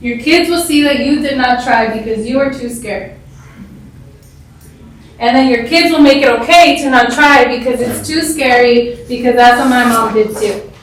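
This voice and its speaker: A high-voiced woman tells stories to a gathered group in a plain, blunt way, laughing easily as she goes. She sits well back from the mic, and her voice rings through a very echoey room with a faint hiss underneath. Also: far from the mic. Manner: blunt and straight-talking, quick to laugh. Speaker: speaker sharing personal stories with a group. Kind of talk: casual storytelling talk.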